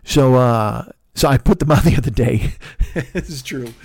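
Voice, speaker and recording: Brief: fifties male comic hosting a podcast, rambling and swearing, mid-pitched, dry close mic. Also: unhurried, vocal fry, darkish tone, husky, dry recording. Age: 50s. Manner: rambling, profane, self-deprecating. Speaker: comedian podcast host. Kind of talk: casual monologue.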